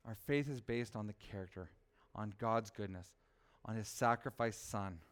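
A man preaching a sermon as pastor, asking his listeners rhetorical questions and swinging from soft to loud. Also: on the low side, moderate pace, clear, resonant tone.

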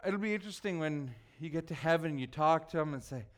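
A man's voice: a little high, lively intonation, fast, few pauses. A man preaching a sermon, emotional at times, often asking his listeners rhetorical questions. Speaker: pastor.

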